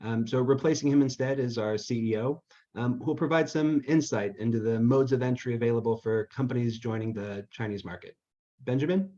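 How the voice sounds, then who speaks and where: A man's voice: mid-range voice, a little fast, mellow, lo-fi sound. A man moderating a conference session who introduces the next speaker, loosely and with frequent "um"s.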